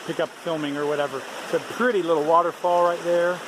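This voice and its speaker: A man's voice: fairly high pitch, fairly even intonation, fast. A man hiking a long trail and chatting casually to his camera outdoors, easygoing and full of fillers. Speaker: thru-hiker vlogger. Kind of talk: casual vlog narration to camera. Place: outdoors on a mountain trail by a stream. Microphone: handheld camera mic. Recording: faint outdoor background noise.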